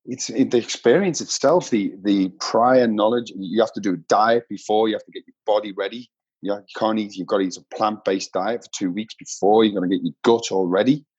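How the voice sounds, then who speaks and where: A man's voice: on the low side, fairly quick, darkish tone, husky, muffled recording. A man speaking earnestly and reflectively as a guest in a casual conversation. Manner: earnest, reflective, builds up emphatically.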